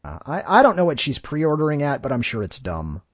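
Grumbling man with a lively voice. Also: fairly high pitch, brisk, no room sound, clean studio sound. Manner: wry, grumbling, lively delivery. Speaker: podcast co-host. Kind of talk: casual chat about card games.

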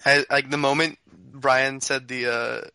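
A man's voice: mid-range voice, flat delivery, unhurried, bright, forceful tone, clear, resonant tone, no echo. A young man co-hosting a podcast in casual chat, dropping dry, self-deprecating quips. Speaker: podcast co-host.

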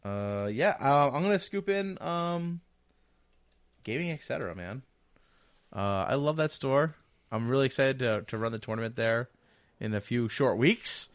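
A man's voice: medium pitch, animated, moderate pace, no echo. A man co-hosting a casual podcast, talking loosely with lots of fillers and restarts. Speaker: podcast co-host.

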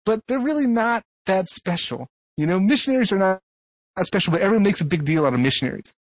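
Ranting man with a slightly high voice. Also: animated, quick pace, no echo. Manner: ranting, sarcastic, profane. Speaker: podcast co-host. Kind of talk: casual chat.

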